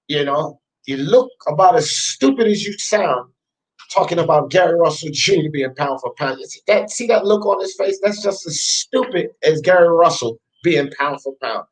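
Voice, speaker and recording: A man's voice: on the high side, rough recording. A man hosting a sports talk show, ranting scornfully and emphatically, repeating his jabs.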